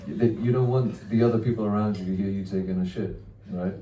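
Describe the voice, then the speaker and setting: A man's voice: on the low side, steady tone, brisk, warm tone, echoey room, a little hiss or hum. Male stand-up, crude crowd-work storyteller, caught from a distance with faint room ambience. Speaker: stand-up comedian. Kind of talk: stand-up comedy set. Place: small comedy venue.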